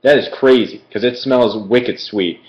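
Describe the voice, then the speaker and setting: A man's voice: mid-range voice, measured pace. A man from Philadelphia doing a casual live-stream food review, chatty and rambling, with many fillers and digressions. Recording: echoey room, dull lo-fi stream audio.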